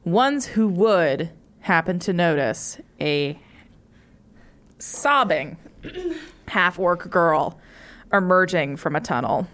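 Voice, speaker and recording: A woman's voice: on the low side, very animated, slow pace, long pauses, a bit bright. A woman narrating a tabletop game as game master, rambling with lots of ums and likes. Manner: rambling, many fillers.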